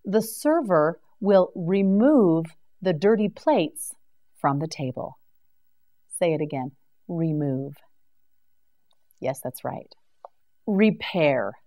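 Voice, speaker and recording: A woman teaching English vocabulary in a slow scripted drill, enunciating each word clearly and patiently. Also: on the low side, animated, dark tone.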